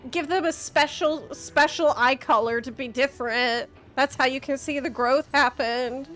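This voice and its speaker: A woman's voice: high-pitched, unhurried, a bit bright, soft background music. A woman streamer ranting to her chat, impassioned, exasperated and sarcastic by turns. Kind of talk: live-stream rant to chat.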